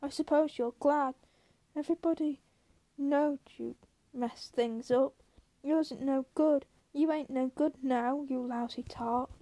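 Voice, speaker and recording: A woman's voice: high-pitched, steady tone, unhurried, mellow. A woman reading aloud voices an old male ranch hand who pleads fearfully and turns bitter.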